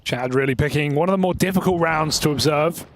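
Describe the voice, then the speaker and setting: A man's voice: fairly high pitch, background noise. A man casting an esports match with playful, joking play-by-play and banter. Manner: playful, joking, quick reactions. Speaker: esports caster.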